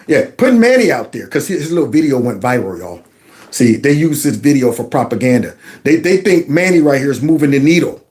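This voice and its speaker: Playing clips on his political commentary livestream, the host fires back with sarcastic mockery. His voice is medium-pitched and a little mellow.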